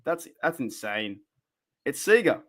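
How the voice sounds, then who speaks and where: A man with an Australian accent hosting a casual fan live stream, rambling excitably and answering his chat viewers. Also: mid-range voice, normal speed. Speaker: fan podcast host. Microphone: desk microphone for a live stream.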